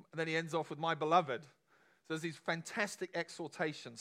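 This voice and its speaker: A man's voice: on the high side, fairly quick, fairly bright tone. A man preaching a sermon to a congregation in a conversational, emphatic way, often asking the room questions.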